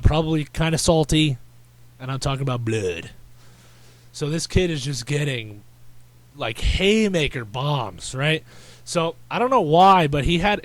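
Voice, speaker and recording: Recorded with no room sound, a man with a fairly high voice hosts a podcast. His talk is loose and chatty, wandering from story to story with fillers, restarts, and crude slang.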